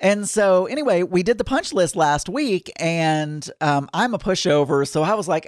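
A man's voice: on the high side, lively intonation, normal speed, no echo. Rambling man telling a story, dry sound. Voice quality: rambling, full of fillers and restarts. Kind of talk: casual anecdote.

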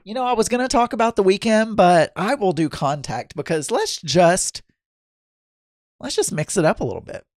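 A middle-aged man hosts a daily solo podcast, talking in a loose, rambling, chatty way. His pitch swings widely as he goes, and he pokes fun at himself. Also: big pitch swings, moderate pace, no room sound, studio quality. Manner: rambling, chatty, self-deprecating. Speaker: podcast host. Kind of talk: casual solo chat.

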